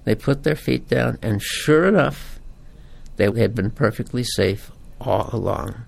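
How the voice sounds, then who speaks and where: A man, a priest, giving a homily in a folksy, animated storytelling manner. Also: mid-range voice, measured pace, creaky.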